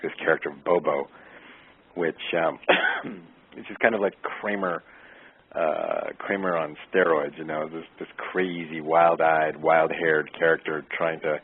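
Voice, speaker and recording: A man, an actor, answering interview questions in an easygoing way, pausing often with fillers to find his words. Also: low-pitched, slightly rough. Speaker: actor guest. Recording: tinny phone-like line.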